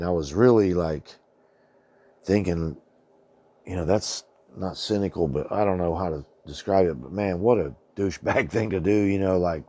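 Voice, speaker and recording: A man's voice: deep voice, mellow, dry recording. A middle-aged man telling a personal story in a rambling, colloquial way, swearing freely and often saying "man". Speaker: channel host. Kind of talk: casual storytelling monologue.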